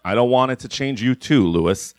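A man voicing a lonely older man who rambles and stammers in halting bursts. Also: medium pitch, expressive, no room sound, natural voice. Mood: rambling. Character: lonely old man with a cursed libido.

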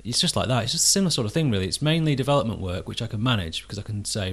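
Gravelly low-voiced man, laid-back. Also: animated, very fast. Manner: laid-back, hesitant, laughs easily. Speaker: podcast co-host. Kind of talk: casual chat.

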